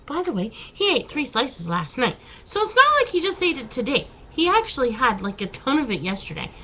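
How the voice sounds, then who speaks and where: Lively chatty woman vlogging at home. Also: high-pitched, a little fast, husky, poor audio. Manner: chatty, laughing, exclaiming. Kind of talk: casual chat.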